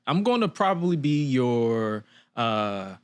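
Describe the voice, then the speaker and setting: A young man hosts a casual podcast chat. His voice sits at an ordinary middle pitch, and he tells stories in a loose way, acting out what people said. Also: very animated, slow, clear, resonant tone. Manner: loose, storytelling with quoted asides and frequent laughs. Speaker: podcast host.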